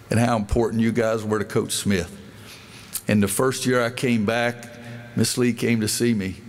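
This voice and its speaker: Older man telling folksy stories. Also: medium pitch. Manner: folksy storytelling, acting out quoted dialogue. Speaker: basketball coach giving a speech. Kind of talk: speech at a dedication event.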